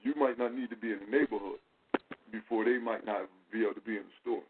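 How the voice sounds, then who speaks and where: Animated man on a tinny line. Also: lowish voice, fast. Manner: animated, profane, acts out quotes in a raised voice. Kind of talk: casual storytelling talk. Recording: phone-like line with faint noise.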